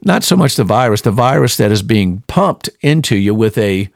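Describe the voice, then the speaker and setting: A man's voice: on the low side, sing-song, moderate pace, creaky, no echo, clean studio sound. A man hosting a show, giving emphatic casual commentary and often repeating and restarting words. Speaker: show host.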